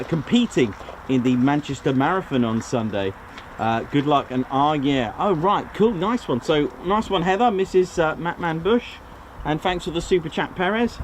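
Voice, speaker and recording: A man's voice: fairly high pitch, a little hiss or hum. A man hosting a casual live stream from an outdoor airfield viewing area, chatting and thanking viewers by name. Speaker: livestream host.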